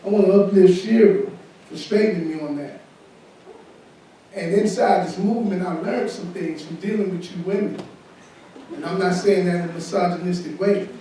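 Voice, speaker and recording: A high-pitched man, a pastor, gives frank, folksy panel remarks in a preacher's cadence. He sounds distant and the hall rings with heavy echo. Faint noise sits beneath his voice. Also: moderate pace, mellow. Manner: informal, candid, preacherly. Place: conference room at a summit. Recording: echoey hall, from far off.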